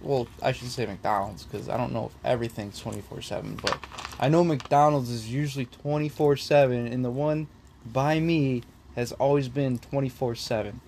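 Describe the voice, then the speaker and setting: A young man griping in casual talk, blunt and heavy on the swearing. He speaks at a middling pitch for a man. Faint background noise sits under his voice. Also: fairly even intonation, moderate pace, creaky, a little mellow. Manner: ranting, profane, blunt. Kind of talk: casual chat.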